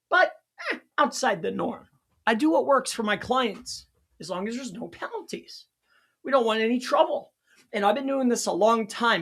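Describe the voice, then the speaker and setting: A man hosting a loose live teaching stream, jumping from point to point with bursts of excitement and laughter at his own jokes. His voice is husky and sounds worn and strained. He talks straight to his viewers in a casual, unscripted way. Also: very high-pitched. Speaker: local SEO consultant and livestream host.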